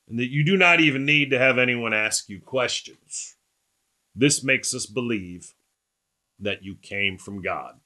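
A man's voice: medium pitch, bright, forceful tone. A man teaching through a Bible passage verse by verse, emphatic, often asking rhetorical questions and checking in with "right?".

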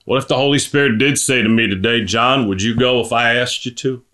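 Scripture is read slowly in this fervent sermon by a middle-aged male preacher whose tone is bright and cutting. His passion builds to forceful, high-pitched climaxes.

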